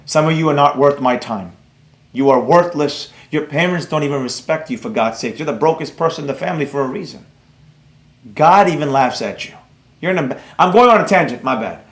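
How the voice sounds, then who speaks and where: A man's voice: fairly high pitch, expressive, brisk, roomy sound. A man hosting a trading livestream, talking bluntly and brashly with some swearing while he reads out the chat. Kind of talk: live-stream rant, reading chat aloud.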